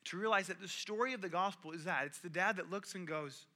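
A young adult man preaching a sermon, telling a personal story with animated swings from hushed to loud. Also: sits high, fast talker. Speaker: pastor.

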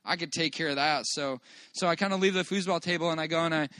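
A man telling a personal church testimony to a congregation in a church meeting room, earnest and halting as he restarts phrases and praises God. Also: fairly high pitch, sharp tone, no room sound. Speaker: father giving a church testimony.

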